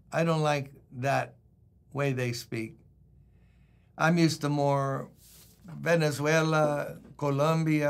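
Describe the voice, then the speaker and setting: Older male pastor, gravelly and slightly high-pitched, loose anecdotal devotional delivery. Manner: folksy, anecdotal, reads scripture aloud. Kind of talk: conversational devotional sermon.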